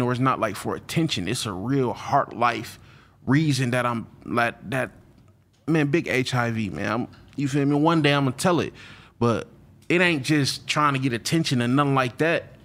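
A man talking as a guest in a casual interview, at an ordinary, middle pitch. His speech is loose and slangy. He repeats himself, trips over his words and restarts his sentences often. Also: fairly bright tone.

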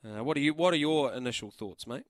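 A man's voice: mid-range voice, fast talker, no room sound. A man with a New Zealand accent co-hosting breakfast radio, talking things through thoughtfully. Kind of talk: casual radio chat. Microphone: studio mic.

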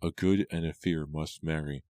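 A gentle, anxious young woman, read by a man, soft-spoken and tender. The voice stays very deep and dry, close to the mic, with little change made for her. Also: steady tone, normal speed, dry recording.

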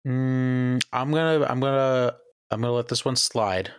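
A man's voice: mid-range voice, a little slow, clear, resonant tone, dry recording, clean studio sound. A man co-hosting a casual podcast, easygoing and self-deprecating as he chats. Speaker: podcast co-host. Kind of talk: casual chat.

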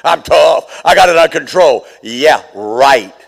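A middle-aged male pastor preaching a sermon, swinging from hushed asides to fervent shouting. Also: on the high side, lively intonation, measured pace, vocal fry, big-room sound.

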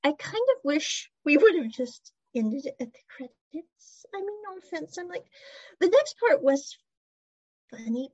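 A woman's voice: high-pitched, a little mellow, dry recording, highs cut off. A woman chattily retelling a drama episode, with giggles and side comments. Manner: chatty storyteller, giggles, asides. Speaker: drama recap vlogger. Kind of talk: casual episode recap.

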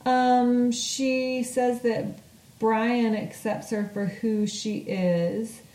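A woman's voice: a little high, level tone, very slow, mellow, echoey room, rough recording. A woman co-hosting a podcast, chatting casually and joking as she recaps a reality show. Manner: chatty, joking, with filler restarts. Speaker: podcast co-host.

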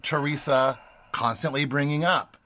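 A man co-hosting a podcast, recapping reality TV scenes in casual, animated chat. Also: fairly high pitch, normal speed, no room sound. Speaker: podcast co-host.

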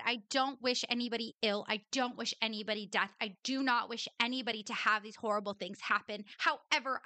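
A woman's voice: on the high side, pushed and bright, dry recording. Blunt, swearing woman podcast host. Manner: blunt, exasperated, swears often. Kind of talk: commentary on an old recording.

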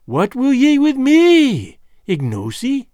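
A man voicing a wicked, ancient female witch-doctor in an audiobook, with a piping, shrill voice and slow, drawn-out threats. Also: wildly swooping pitch, dark tone, no room sound, clean studio sound, exaggerated voice. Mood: menacing. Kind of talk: audiobook character voice.

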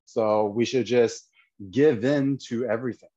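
A man's voice: medium pitch, fairly even intonation, unhurried, warm tone, no echo, highs cut off. A man giving an indignant, lecturing commentary full of rhetorical questions. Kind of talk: opinionated commentary video.

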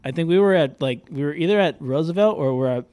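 A man's voice: on the high side, fast talker, darkish tone. A man co-hosting a podcast, telling loose stories in casual chat and swearing freely. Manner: laid-back storytelling, heavy swearing. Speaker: podcast co-host.

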